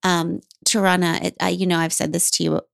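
A woman's voice: fairly low pitch, level tone, fairly quick, gravelly, dry recording, clean studio sound. A woman co-hosting a podcast, speaking earnestly and emphatically to her guest. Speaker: podcast co-host. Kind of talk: heartfelt podcast conversation.

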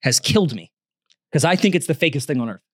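A sarcastic, contrarian man with a slightly high voice, joking his way through a casual podcast chat. His voice sounds dry and close to the mic. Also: lively intonation, fast talker, no echo. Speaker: podcast co-host.

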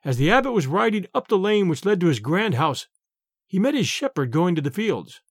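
A man narrating a storybook tale in an expressive, measured reading voice. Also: high voice, dry recording, studio quality.

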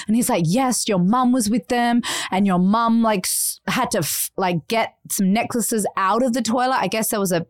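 A woman, a podcast co-host telling a story in casual chat, acting out quoted people in high voices. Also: normal speed, few pauses, dry recording, studio quality.

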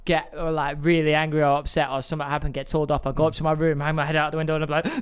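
High, smooth-voiced man reacting. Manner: chimes in with quick reactions and jokes. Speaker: podcast co-host. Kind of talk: casual chat.

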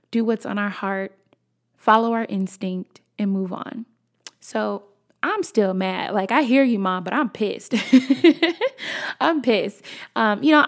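A woman's voice: a little high, gravelly. A young woman telling a personal story in a chatty, casual way, talking straight to her viewers. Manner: chatty, addresses viewers as y'all. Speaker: storyteller vlogger.

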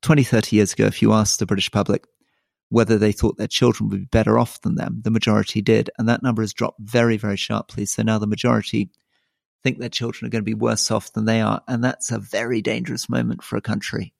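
A middle-aged man with a low, gravelly voice co-hosts a political podcast. The sound is dry and close, with no room around it. He explains at length and thoughtfully, adding soft asides as he goes. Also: flat delivery, quick pace, no room sound. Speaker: podcast co-host.

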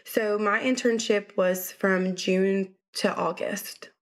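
A woman from Georgia with a Southern accent, a state investigator speaking as a guest in a relaxed, casual interview. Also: mid-range voice, takes it slowly. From Georgia, USA. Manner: relaxed, uses fillers like um.

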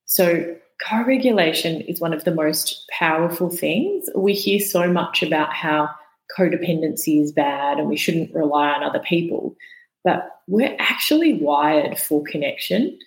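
A woman's voice: low voice, expressive, measured pace, echoey room, low-quality recording. A woman guest on a podcast, patiently explaining ideas and sometimes demonstrating how voices sound. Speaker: podcast guest, vagus nerve educator.

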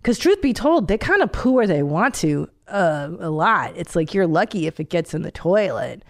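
A woman in her forties hosting a podcast, chatting casually in a blunt, profane, animated way. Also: on the low side, normal speed. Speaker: podcast host. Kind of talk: casual chat.

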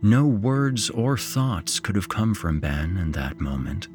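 A man narrating a horror story in a slow, suspenseful way. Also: low-pitched, big pitch swings, a little mellow, faint music behind.

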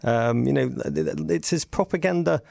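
A man's voice: medium pitch, moderate pace, vocal fry, a little mellow, dry recording, studio quality. A man who is a podcast guest, telling wry, digressive stories in casual conversation. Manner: witty, digressive storytelling with sarcastic asides.

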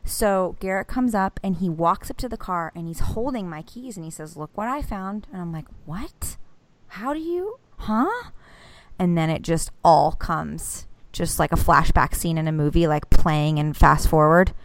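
A woman in her thirties co-hosts a casual podcast, telling a story full of swearing and acted-out quotes with animation. Her voice sits low at a moderate pace with hardly any pauses, over slight background noise.

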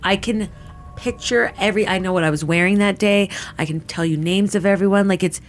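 A woman in her thirties giving a candid personal account in halting, casual speech full of "like" fillers and restarts. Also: medium pitch, a little hiss or hum. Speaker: interviewee recounting her experience.

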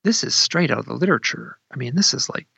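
A man telling a story in a conversational way, animated and acting out what people said, recorded at his desk. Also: medium pitch, quick pace, creaky, breathy edge, no echo, highs cut off. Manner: animated, acts out quoted speech in a raised voice.

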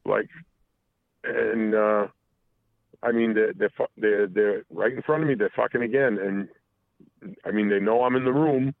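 A low-voiced man tells a long personal story over a tinny, phone-like line. His voice is gravelly and dry, and he keeps stopping and restarting, swearing freely as he goes. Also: dry recording. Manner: halting, full of restarts and profanity. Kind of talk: casual confessional storytelling.

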